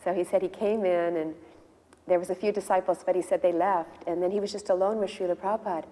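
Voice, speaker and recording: A woman's voice: on the low side, fairly even intonation, fast talker, dark tone, long reverb tail. A woman, a disciple, telling a remembered story in casual speech and acting out the quoted dialogue. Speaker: disciple sharing memories. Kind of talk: casual spoken reminiscence.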